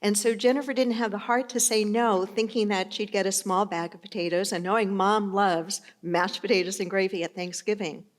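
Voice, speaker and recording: A woman's voice: medium pitch, fairly even intonation, normal speed, few pauses. A middle-aged woman pastor giving a sermon in a conversational, storytelling manner.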